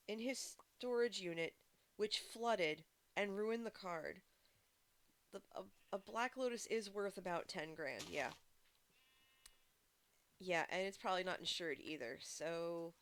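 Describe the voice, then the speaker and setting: A woman's voice: mid-range voice, fairly bright tone. A woman live-streaming a game, chatting casually with her viewers in a rambling way full of fillers and restarts. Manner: talks to chat viewers. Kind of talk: casual live-stream chat while playing.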